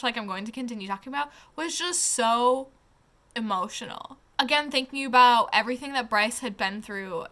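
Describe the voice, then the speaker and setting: A young woman with a high, bright voice chats through a casual book review, gushing and heavy on the word "like". She swears freely and sounds close to tears as she talks. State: tearing up.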